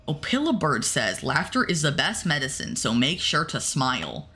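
A woman's voice: low voice, very animated, moderate pace, few pauses, sharp tone, a little hiss or hum. A woman streamer playing a horror game, chatting to her viewers and yelping when startled. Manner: jumpy, talks to the chat and the game, yelps when startled. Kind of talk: casual gameplay commentary to chat.

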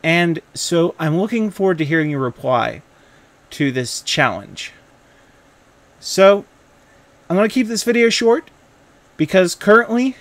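A young man with a fairly high voice talks in a gaming video. He teases a rival creator with mock-pompous, playful banter. He lays down a friendly challenge with exaggerated grandeur. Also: big pitch swings, a little slow, pauses often, fairly bright tone, no room sound.

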